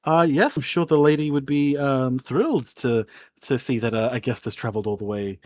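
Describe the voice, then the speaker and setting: A man's voice: medium pitch, a little fast, darkish tone, no room sound, lightly acted. A man doing a tired, stammering gate guard. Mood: hesitant. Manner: hesitant, stammering and polite. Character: tired, awkward young male gate guard.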